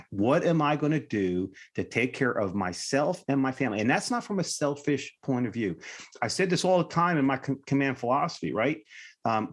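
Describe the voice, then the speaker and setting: A middle-aged man, a retired Army officer, talking bluntly in a casual podcast conversation and telling war stories, swearing and tagging "right?" onto his points. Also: medium pitch. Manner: blunt storytelling, swears freely, keeps asking "right?".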